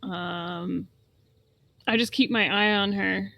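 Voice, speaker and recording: Casual woman player, unsure and halting, thinking aloud. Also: mid-range voice, fairly even intonation, creaky, pushed and bright. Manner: hesitant, stops and restarts. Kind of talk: casual tabletop play.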